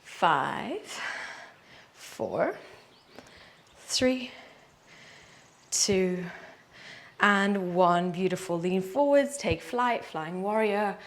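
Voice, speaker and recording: Female yoga teacher, young adult, slow deliberate cueing, warm encouragement, counts holds out loud. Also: mid-range voice, a little hiss or hum. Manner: calm, encouraging cues, counting holds aloud. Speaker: yoga instructor. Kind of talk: guided yoga class cueing.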